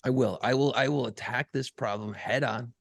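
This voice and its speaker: A man co-hosting a podcast, telling a profane, animated story in casual banter and acting out other people's voices. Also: mid-range voice, normal speed, vocal fry, no room sound, clean studio sound. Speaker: podcast co-host and radio program director.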